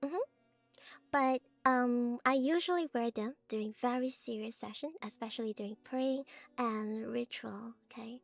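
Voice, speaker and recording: Playful, teasing woman streamer, higher voice. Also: measured pace, vocal fry, no room sound, soft background music. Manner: teasing, playful cult-priestess persona. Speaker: VTuber streamer. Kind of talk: playful stream chat showing off her avatar.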